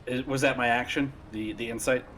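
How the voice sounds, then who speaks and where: A man's voice: medium pitch, steady tone, fairly quick, a bit bright, a little hiss or hum. A man playing in a tabletop game, speaking hesitantly and laughing easily. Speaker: player.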